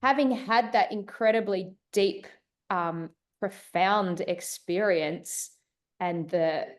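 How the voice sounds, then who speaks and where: A mother speaking earnestly and emotionally in a reflective conversation, often pausing to search for words. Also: medium pitch. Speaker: mother sharing her birth story.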